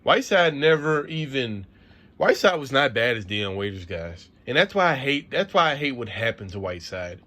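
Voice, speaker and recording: With a sing-song lilt, a pushed, bright tone and a mid-range pitch, a man rants at moderate speed to the camera. The sports vlogger is frustrated and profane, going over the same ground again and again.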